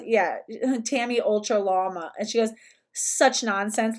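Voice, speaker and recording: A woman's voice: medium pitch, darkish tone. A young woman hosting a casual livestream, talking in a chatty, sarcastic way with lots of "like" fillers. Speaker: livestream host.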